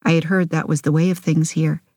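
A woman narrating a literary audiobook in an intimate first-person voice. Her pitch sits slightly low and her delivery is measured. The close studio recording is completely dry. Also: flat delivery, darkish tone, no room sound.

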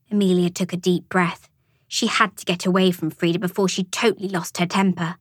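A woman reading a children's storybook aloud as an audiobook narrator, with expressive storytelling. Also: on the low side, brisk, breathy edge, no echo, studio quality. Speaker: audiobook reader.

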